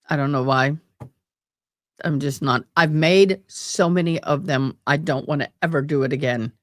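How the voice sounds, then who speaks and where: A woman's voice: low voice, no room sound, studio quality. A woman hosting a live stream, chatting casually with viewers and joking between court proceedings. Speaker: livestream host commenting on a trial.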